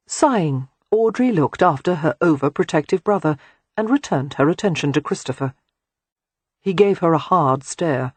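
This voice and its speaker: An audiobook narrator reading scripted narration in an expressive, measured way. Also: medium pitch, slightly rough, no echo.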